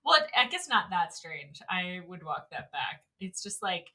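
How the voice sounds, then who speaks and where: A woman in her thirties co-hosting a podcast in loose, casual conversation. Her voice is bright and clear. She talks frankly and with emphasis, leaning on fillers and laughing often. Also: fairly low pitch, big pitch swings, unhurried. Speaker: podcast co-host. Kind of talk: casual chat recapping an anime episode.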